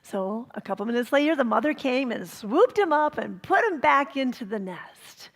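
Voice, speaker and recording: Woman minister, fairly high voice, lively storytelling sermon at a spiritual center. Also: moderate pace. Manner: animated, warm storytelling with laughter. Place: church center.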